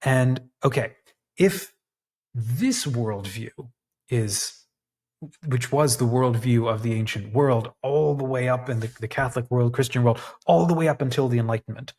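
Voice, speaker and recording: A man's voice: mid-range voice, moderate pace, a little mellow. A man hosting a reflective solo talk, thinking aloud and searching for words with frequent restarts and fillers. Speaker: podcast host. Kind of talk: reflective monologue.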